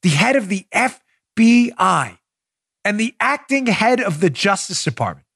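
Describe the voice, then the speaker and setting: A man's voice: high-pitched, unhurried, gravelly, breathy edge, no room sound, studio quality. A man hosting a political talk show, mocking his targets with sarcasm and acted-out scenes. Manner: sarcastic, animated, acts out scenes.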